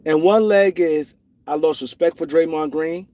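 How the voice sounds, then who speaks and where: Hosting a casual livestream, a middle-aged man tells animated stories, often repeating himself and starting over. His voice is a little high and his pace moderate, with no room sound.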